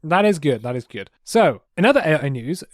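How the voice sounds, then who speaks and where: A man's voice: a little high, big pitch swings, a little fast, dry recording, studio quality. A man co-hosting a podcast, making wry, emphatic jokes in casual chat. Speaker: podcast co-host.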